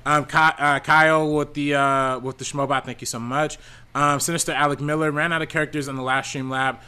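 A man's voice: on the high side, level tone, brisk, pushed and bright, clean tone. A man reading viewer donation messages on a casual live-stream panel show, with many ums and easy laughs.

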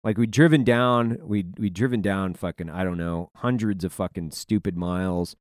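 Profane animated male storyteller. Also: low voice, moderate pace, no echo, studio quality. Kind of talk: casual storytelling chat.

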